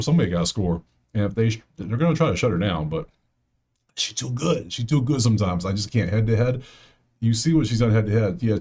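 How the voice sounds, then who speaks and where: With a lowish voice, this sports betting channel host chats directly to his audience, working through games and picks out loud in a relaxed, slangy way.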